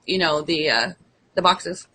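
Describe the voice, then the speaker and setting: This host's voice is bright and sharp. They talk hesitantly, stopping to search for the right word. The pitch sits at an ordinary level. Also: expressive, measured pace, low-quality recording. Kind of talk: casual chat.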